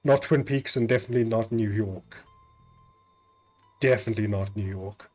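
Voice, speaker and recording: A man's voice: fairly low pitch, normal speed, warm tone, soft background music. A man streaming a game, chatting casually, reading on-screen text aloud and swearing now and then. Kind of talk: casual gameplay commentary.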